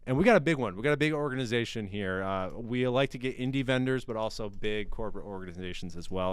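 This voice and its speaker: A man's voice: on the low side, fast, few pauses, clear, resonant tone, dry recording. A man hosting a podcast in a casual, playful, jokey way, with a studio mic. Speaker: podcast host. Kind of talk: casual podcast chat with mock ad reads.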